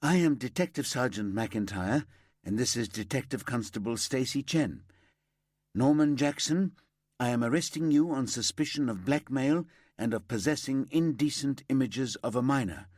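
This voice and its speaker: A man voicing a brisk female detective sergeant reading out an arrest and questioning a suspect, firm and level. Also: medium pitch, expressive, darkish tone, dry recording, clean studio sound, voice pushed up, natural voice. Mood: formal.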